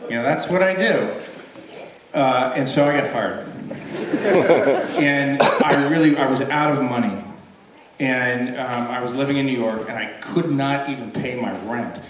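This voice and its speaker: A man's voice: mid-range voice, measured pace, background noise. A man answering audience questions at a convention, telling self-mocking stories with frequent laughs. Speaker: convention guest actor. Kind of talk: casual Q&A storytelling. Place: convention hall. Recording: echoey hall, far from mic, crowd. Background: crowd.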